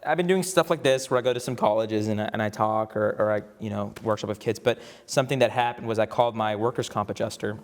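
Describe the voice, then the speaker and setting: A man's voice: fairly low pitch, quick pace, few pauses. A young man in his twenties telling a story to a campus audience, chatty, with lots of fillers, restarts and laughs. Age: 20s. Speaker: alumnus guest actor. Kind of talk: casual storytelling on stage. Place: campus event in a large room before an audience. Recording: long hall reverb.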